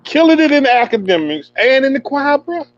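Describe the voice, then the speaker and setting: A man's voice: very high-pitched, sing-song, normal speed, lo-fi sound, crowd noise. A man hosting a casual podcast interview, talking in a hype, slangy, playful banter style. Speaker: podcast host interviewing a youth player.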